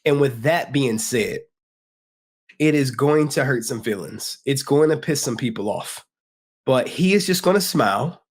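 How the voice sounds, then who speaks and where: A man's voice: medium pitch, lively intonation, unhurried, husky. Slangy, joking livestream host, a man. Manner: loose, joking, talks straight to chat with slang. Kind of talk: casual livestream chat.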